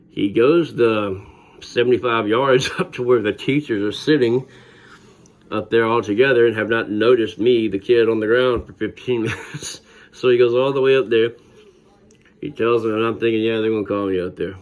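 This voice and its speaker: A man's voice: mid-range voice, moderate pace. Middle-aged male storyteller, easygoing and wry, mid-range voice. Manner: wry, conversational, laughs while telling. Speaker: vlogger. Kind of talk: personal storytelling.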